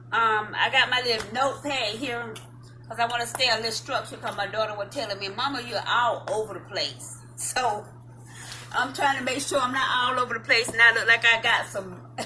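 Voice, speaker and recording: Bright-voiced Southern woman chatting casually. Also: on the high side, a little hiss or hum. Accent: Southern US (North Florida, Georgia-like). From Madison, Florida, US South. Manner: rambling, folksy, laughs often, many ums. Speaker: vlog host. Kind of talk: casual chat to camera.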